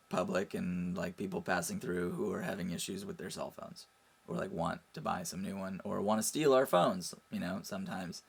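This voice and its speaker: Man, casual storyteller, lowish gravelly voice, lots of "like", laughs. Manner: animated, laughing, says "like" a lot. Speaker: interviewee, friend of host.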